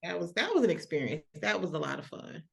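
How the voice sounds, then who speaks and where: Brief: Southern woman, Georgia accent, gravelly edge, emphatic guest. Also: fairly low pitch, sing-song, fast. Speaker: guest, actress. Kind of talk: casual chat.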